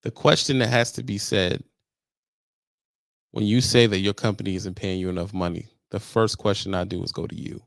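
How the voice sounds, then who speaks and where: A blunt man talks straight to his viewers with a gravelly rasp to his voice. He swears casually and pushes his pitch high and loud when he hammers a point home. The sound is dry and close, with no room around it. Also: fairly even intonation, moderate pace, no echo. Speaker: trucking livestream host. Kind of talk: casual advice talk to viewers.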